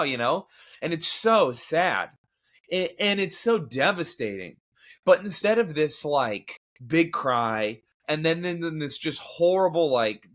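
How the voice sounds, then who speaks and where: A man's voice: on the high side, a bit bright. A man in his thirties talking candidly and emotionally about faith and grief, rambling with restarts and occasional laughs. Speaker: comedian and podcast guest. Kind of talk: candid conversational talk.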